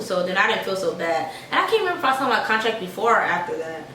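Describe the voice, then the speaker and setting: A woman's voice: mid-range voice, brisk, distant mic. Chatty woman in an echoey room. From Georgia, USA. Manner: chatty, animated, addresses viewers as y'all. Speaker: army soldier. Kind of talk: casual storytime vlog. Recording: echoey room, voice a bit off-mic, faint noise.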